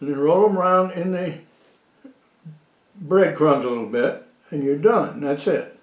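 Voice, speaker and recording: A man hosting a casual cooking demonstration, talking in a slow, rambling way with frequent fillers and dry jokes. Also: fairly high pitch. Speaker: cooking show host. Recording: echoey room.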